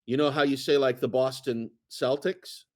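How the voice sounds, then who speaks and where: A man's voice: medium pitch, steady tone, normal speed. A man co-hosting a casual chat, talking in a rambling way with many fillers and restarts. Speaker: co-host.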